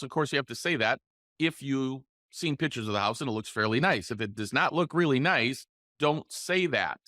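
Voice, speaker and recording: A man hosting a solo coaching podcast, explaining sales calls and acting them out with deliberate pauses and shifts in inflection. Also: mid-range voice, animated, pushed and bright, no echo, studio quality. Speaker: podcast host, real estate coach.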